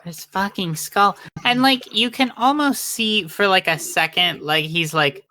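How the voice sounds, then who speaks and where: A woman's voice: medium pitch, unhurried, bright, forceful tone. A woman co-hosting a podcast, reacting to an anime recap with laughs and blunt asides. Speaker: podcast co-host. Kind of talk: casual anime recap chat.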